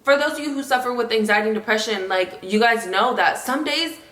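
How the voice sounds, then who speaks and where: Bright-voiced young woman, echoey room. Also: fairly high pitch. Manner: emotional, quick run-on talk with many fillers. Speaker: vlogger, partner in a couple channel. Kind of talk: emotional relationship talk to camera.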